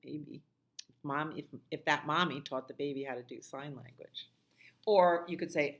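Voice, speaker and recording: A woman's voice: deep voice, normal speed. A middle-aged woman, a children's librarian, reading a picture book aloud and singing songs, with chatty asides to the listening children. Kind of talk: storytime read-aloud and singing.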